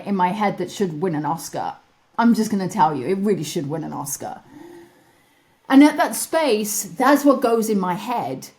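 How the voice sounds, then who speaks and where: A middle-aged woman hosts a podcast in a slightly tired voice. She leads a guided wellness exercise, slowing down for pauses and asking gentle questions again and again. Now and then she drops in a playful, self-mocking aside. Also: mid-range voice. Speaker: podcast host.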